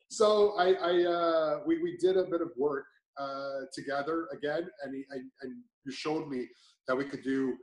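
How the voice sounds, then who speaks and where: Man telling his story in an echoey room. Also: on the high side. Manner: rambling, many restarts and fillers. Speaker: client giving a testimonial. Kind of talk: casual testimonial chat.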